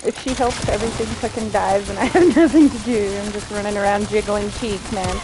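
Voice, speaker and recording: A woman's voice: mid-range voice, fairly quick. A woman streaming a video game, chatting casually with her viewers, swearing freely, laughing often and ranting. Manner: profane, laughing, ranting to chat. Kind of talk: casual gameplay streaming chat. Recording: noisy background hiss.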